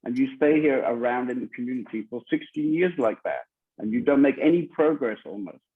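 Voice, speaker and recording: A man's voice: medium pitch, lively intonation, a little fast, husky. Blunt man on a tinny video call. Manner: blunt and insistent, repeating his points. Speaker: spiritual teacher. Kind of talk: confronting a student in an online group meeting.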